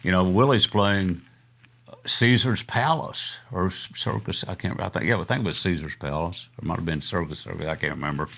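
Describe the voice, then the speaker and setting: Here the older man's voice is low-pitched, creaky, and fairly bright, and he talks fairly quickly. As a guest musician in a casual interview, he tells meandering stories, chuckling and leaning on fillers throughout.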